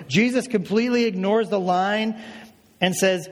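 A man preaching a sermon in a lively, conversational way, often checking in with the audience. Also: high-pitched, unhurried. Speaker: pastor. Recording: reverberant hall.

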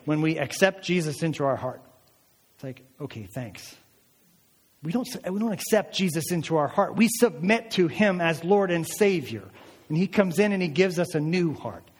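A man's voice: a little high, in a large hall. A male pastor preaching a sermon, earnest and emphatic, with a lot of repetition.

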